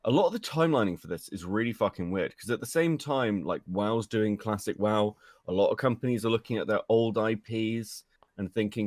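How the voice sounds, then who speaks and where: A man's voice: lowish voice, brisk, darkish tone, no echo. Laid-back british guy chatting on stream, swears a lot, dry sound. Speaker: stream guest. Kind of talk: casual chat.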